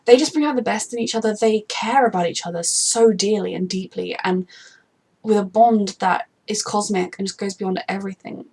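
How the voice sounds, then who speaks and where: Husky-voiced woman gushing about a TV show. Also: medium pitch, normal speed, a little mellow. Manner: gushing, rambling, emphatic about favourite characters. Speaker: TV reaction vlogger. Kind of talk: casual unscripted commentary.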